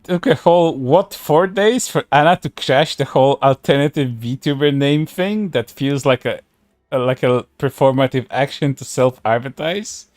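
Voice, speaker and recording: A man's voice: mid-range voice, moderate pace, dry recording, clean studio sound, faint music behind. A man streaming casual commentary, reading posts aloud in a sarcastic way, laughing and swearing often.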